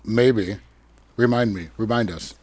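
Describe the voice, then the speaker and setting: A podcast host conducts a casual interview, asking questions and affirming his guest in a steady, encouraging way. His voice is on the low side with a breathy edge, a little slow, and recorded with no room sound.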